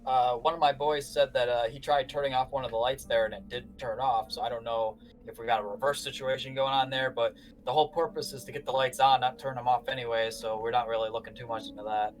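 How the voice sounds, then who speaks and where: A man's voice: medium pitch, level tone, fast, faint music behind, close to an everyday voice. A man voicing a weary middle-aged power company manager who talks bluntly and sounds exasperated.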